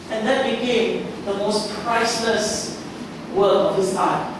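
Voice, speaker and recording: A man's voice: high-pitched, fairly even intonation, slow pace. A male guest pastor preaching a conversational sermon at a church camp, repeating points and asking the audience questions. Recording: echoey hall, distant mic, ambient noise.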